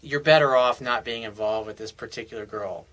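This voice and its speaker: A man's voice: medium pitch, a little fast, fairly bright tone, low-quality recording. A man giving casual, blunt dating advice as a coach, answering a viewer's email in a conversational monologue.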